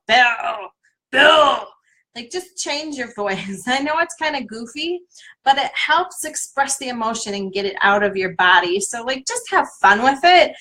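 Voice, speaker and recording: A woman's voice: on the high side, sharp tone. A woman leading a live tapping session as a coach, giving encouraging, step-by-step instructions to viewers. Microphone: livestream webcam.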